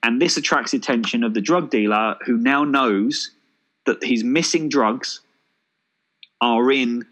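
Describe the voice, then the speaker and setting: A man's voice: mid-range voice, unhurried, a bit bright, low-quality recording. Chatty man riffing on film ideas. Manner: enthusiastic, jokey, thinks aloud with fillers. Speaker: podcast co-host. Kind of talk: casual chat, pitching a made-up film.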